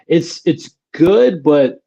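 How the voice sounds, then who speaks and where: A man's voice: a little high, lively intonation, very slow, vocal fry, dark tone, rough recording. Male panel guest, blunt critic, stumbling restarts. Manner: blunt, opinionated, stammers on restarts. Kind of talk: casual chat.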